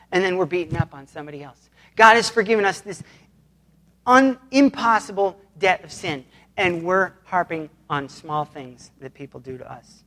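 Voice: medium pitch, normal speed, fairly bright tone. A pastor giving a conversational sermon, retelling scripture in plain everyday words.

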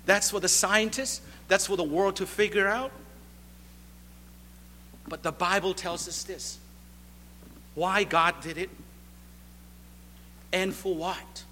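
Slow, bright-voiced male preacher. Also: high voice, long reverb tail, a little hiss or hum. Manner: emphatic, repeating rhetorical questions. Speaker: pastor. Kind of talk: sermon.

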